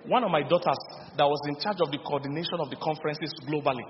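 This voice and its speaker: Middle-aged Nigerian male pastor, fairly high voice, lively and animated sermon, dull reverberant recording. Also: fast, slight background noise. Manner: lively storytelling with laughs and call-and-response. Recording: dull lo-fi sound with long hall reverb.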